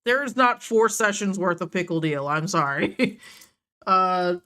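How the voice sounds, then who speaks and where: A woman running a tabletop game as game master, talking slowly in a lowish voice. She rambles casually, with fillers and laughs, between bits of narration. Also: animated, sharp tone.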